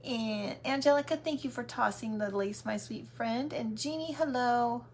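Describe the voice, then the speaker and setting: A woman's voice: on the high side, normal speed, slight background noise. A woman hosting a craft livestream, chatting in a casual, affectionate and welcoming way. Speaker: craft channel host.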